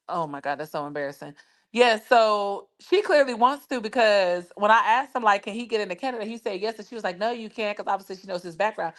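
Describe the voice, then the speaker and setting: Hosting a livestream, a woman gossips casually in a brash, profane style, laughing and calling people "child" and "baby" constantly. Her medium-pitched voice is lively in intonation and fairly quick. She's nursing an injured foot.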